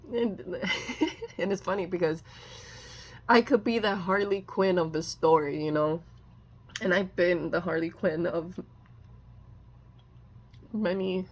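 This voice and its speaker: A woman's voice: medium pitch, gravelly, husky. A woman giving a casual tarot reading, rambling with many fillers and restarts and often apologizing. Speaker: tarot reader.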